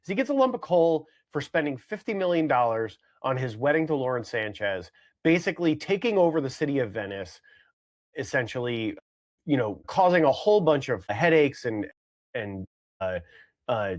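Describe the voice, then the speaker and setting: Guy cohosting a podcast, rambly, lots of likes and you knows, mid pitch. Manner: rambling, many fillers and restarts. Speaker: podcast co-host. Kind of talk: casual podcast banter.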